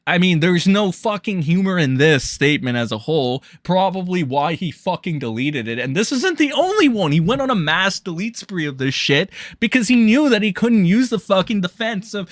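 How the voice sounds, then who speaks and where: A man's voice: sits high, very animated, normal speed, few pauses, fairly bright tone, no echo, clean studio sound. A man giving heated, profanity-laced livestream commentary, with exasperated outbursts.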